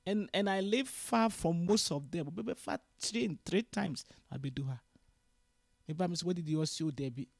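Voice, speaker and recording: A woman's voice: fairly low pitch, animated, measured pace, gravelly, no room sound, studio quality. A middle-aged Ghanaian woman giving an interview, talking passionately and switching between Twi and English. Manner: passionate, lecturing, rising loud when stirred. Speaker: interview guest.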